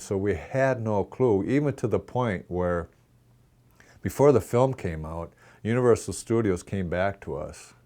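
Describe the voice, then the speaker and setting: A man in his sixties from Minnesota, a former hockey player telling casual, self-mocking anecdotes as an interview guest. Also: low-pitched. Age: 60s. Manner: lively yarn-spinner, self-mocking, acts out dialogue.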